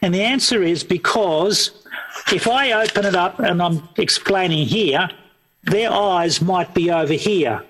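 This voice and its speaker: Bright high-voiced man teaching a workshop. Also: a little slow, slight background noise, low-quality recording. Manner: repetitive, plain explanatory delivery with frequent restarts. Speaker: evangelism trainer. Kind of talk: instructional workshop talk.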